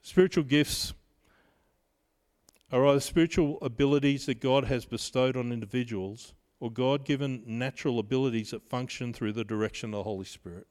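A pastor in his fifties preaching a sermon in a measured way, mixing scripture with personal stories. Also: medium pitch, steady tone, darkish tone. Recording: long reverb of a large hall.

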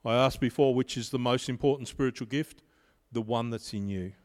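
A pastor in his fifties preaching a sermon in a measured way, mixing scripture with personal stories. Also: medium pitch, a little mellow. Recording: long reverb of a large hall.

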